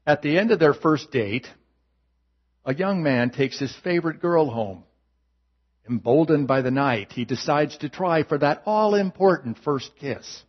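A male pastor preaching a sermon in a slow, measured way with gentle humor. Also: on the high side, lo-fi sound.

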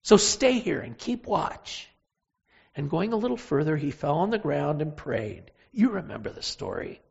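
A preacher giving a sermon, telling a Bible story with emphatic, animated delivery and pauses. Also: mid-range voice, creaky, husky, highs cut off.

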